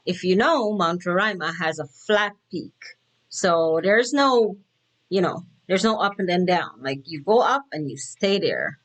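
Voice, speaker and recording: A woman's voice: fairly low pitch, lively intonation, unhurried. A woman hosting a music reaction video, chatting casually, giggling and paraphrasing the lyrics with restarts. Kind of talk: casual commentary.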